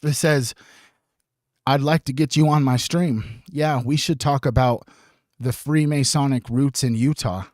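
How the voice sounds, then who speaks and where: A man hosting a casual livestream, rambling with many restarts, swearing and often clearing his throat. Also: mid-range voice, steady tone, measured pace, a little mellow, dry recording, studio quality. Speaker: livestream host. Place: home streaming setup.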